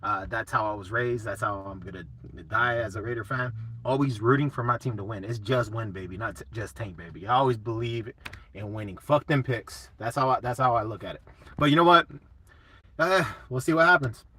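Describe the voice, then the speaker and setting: Bright-voiced casual man chatting on a stream. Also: mid-range voice, fairly quick, slight background noise. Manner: laid-back, swears a lot, reads chat comments. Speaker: live chat host. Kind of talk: casual live stream chat.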